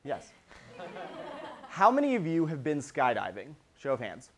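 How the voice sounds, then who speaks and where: A young man giving a live keynote to students, telling stories in an animated way and acting out the reactions. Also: medium pitch, measured pace. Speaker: motivational speaker. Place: event with a live audience.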